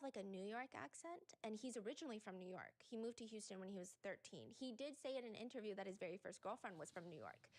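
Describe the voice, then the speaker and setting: A woman giving casual commentary in a chatty, conversational way, reading out lyrics and comments as she goes. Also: fairly high pitch.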